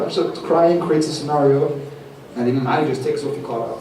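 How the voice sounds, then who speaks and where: A man's voice: on the high side, fast talker, mellow, slight background noise. Man telling a story in an echoing hall. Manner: vivid, dramatic storytelling. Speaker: speaker at a youth gathering. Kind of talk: sermon storytelling. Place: mosque hall. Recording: echoey hall from far off.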